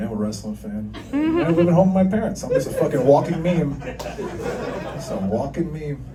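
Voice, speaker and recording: A man in his thirties doing crude, self-mocking stand-up, his voice lively and rising and falling a lot. He sounds a bit off-mic in a roomy club, with a laughing crowd clearly heard behind him. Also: fairly high pitch, moderate pace, far from the mic. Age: 30s. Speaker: stand-up comedian. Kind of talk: stand-up comedy set.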